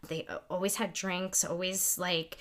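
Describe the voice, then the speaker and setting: A woman's voice: lowish voice, unhurried. A woman co-hosting a podcast, telling stories in a casual chat and acting out the people she quotes. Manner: animated, lively storyteller who acts out quotes. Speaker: podcast co-host.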